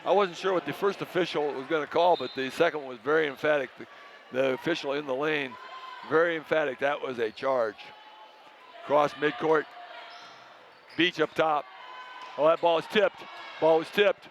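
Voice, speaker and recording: Man, play-by-play announcer, brisk short calls, slightly high voice, faint noise. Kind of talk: high school basketball commentary.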